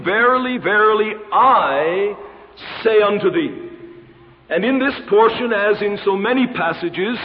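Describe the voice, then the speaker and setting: A man preaching a formal, emphatic expository sermon in a church, quoting scripture with a measured cadence. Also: high voice, a little hiss or hum. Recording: dull lo-fi recording in a reverberant hall.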